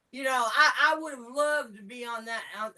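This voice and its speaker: A woman chatting casually, frank and emphatic as she tells her stories. Her voice is bright and a little high, and she talks slowly. She sounds set back from the microphone. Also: far from the mic, rough recording. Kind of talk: casual chat.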